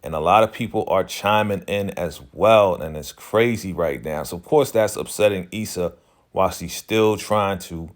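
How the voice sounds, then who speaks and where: Chatty low-voiced man recapping a show. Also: normal speed. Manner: loose and chatty, full of "you know" fillers and slang. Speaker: TV recap channel host. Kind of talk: casual TV episode recap.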